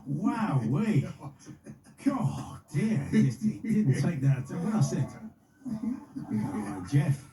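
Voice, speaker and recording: A man hosting a radio interview, chatty and quick to react. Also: high voice, big pitch swings, dark tone, distant mic, slight background noise. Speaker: radio host. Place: radio studio. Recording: echoey studio, a little off-mic.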